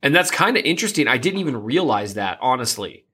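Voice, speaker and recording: A man co-hosting a casual sports podcast, talking through player moves in a measured way. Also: mid-range voice, very animated, bright, forceful tone, slightly rough. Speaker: podcast co-host.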